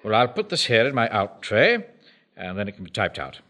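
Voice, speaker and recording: An actor playing a pompous, self-important bank manager who also commands a volunteer platoon, speaking in a commanding manner. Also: male voice, on the low side, big pitch swings, a little fast, sharp tone, heavily acted. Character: pompous middle-aged male bank manager and platoon officer. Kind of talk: period sitcom acting.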